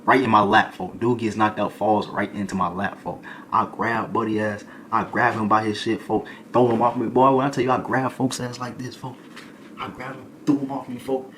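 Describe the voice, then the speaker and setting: A young adult streamer with a lowish voice talks fast, spinning a comedic storytime in an animated, slangy style sprinkled with "boy" and "folk." There's slight background noise.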